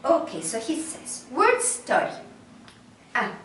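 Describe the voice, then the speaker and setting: Slow, patient teacher. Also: female voice, high voice, huge pitch swings, fairly bright tone, slight background noise. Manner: slow, patient, repeats and translates each phrase. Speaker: English teacher. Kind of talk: online class instruction. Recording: roomy, distant recording.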